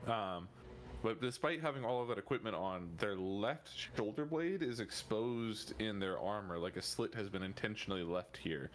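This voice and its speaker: Male game master, lowish pitch, loose, sweary, unscripted delivery. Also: slight background noise. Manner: casual, swears freely, halting descriptions. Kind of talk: running a tabletop game.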